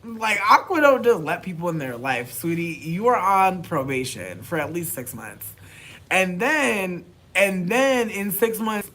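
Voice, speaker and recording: Man vlogger, slightly high voice, very lively and profane, loud bursts then muttered asides. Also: unhurried. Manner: animated and profane, swinging from loud outbursts to mumbled asides. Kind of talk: casual chat to camera.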